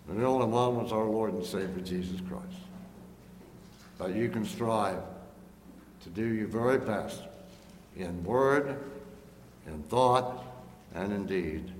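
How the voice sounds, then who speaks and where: A man preaching a sermon in a church, earnest and slow, pressing the congregation with emphatic questions. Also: fairly low pitch, darkish tone, a little hiss or hum. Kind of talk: sermon with invitation. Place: church sanctuary. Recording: echoey hall, long reverb, faint ambience.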